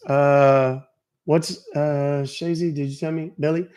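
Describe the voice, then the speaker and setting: A man's voice: fairly high pitch, little pitch movement, slow, long pauses, darkish tone, smooth. Joking, foul-mouthed male stream host. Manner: joking, profane, chatty with the audience. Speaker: livestream host. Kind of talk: casual live-stream chat.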